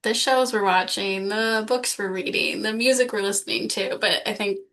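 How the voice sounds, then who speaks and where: A woman co-hosting a podcast in a relaxed, conversational way. She talks in a chatty style, full of "like" and easy laughter, at a mid pitch. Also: normal speed. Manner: chatty, many "like" fillers, laughs often. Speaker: podcast co-host. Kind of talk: casual chat.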